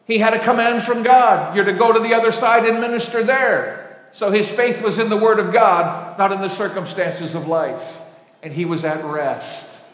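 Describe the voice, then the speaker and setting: A man preaching a sermon, telling stories with animated swings between loud emphasis and hushed asides. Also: high voice, moderate pace. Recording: echoey hall with long reverb.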